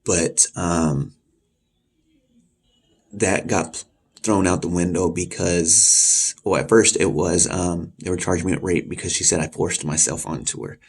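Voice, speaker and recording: Gravelly low-voiced man telling a story. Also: unhurried. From Texas. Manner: animated, acts out the voices in his story. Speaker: vlogger. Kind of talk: casual storytelling.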